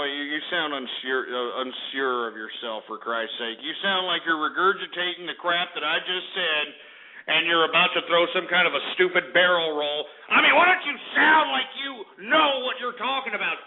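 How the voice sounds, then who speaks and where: A man's voice: sits high, animated, normal speed, vocal fry. Brash ranting radio host man. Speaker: radio talk show host. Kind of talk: call-in radio rant. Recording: phone-like narrow band.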